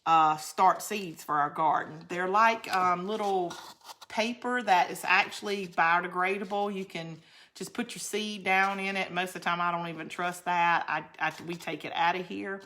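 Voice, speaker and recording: Bright-voiced woman chatting while crafting. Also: on the low side, fairly even intonation, moderate pace, slight background noise. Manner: chatty and rambling, answers viewer comments. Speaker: craft channel host. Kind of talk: casual livestream craft chat.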